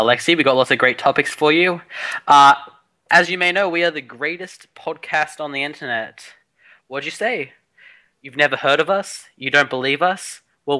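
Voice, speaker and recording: Young man, somewhat high voice, bright tone, joking podcast host. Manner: joking, teasing. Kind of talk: casual chat.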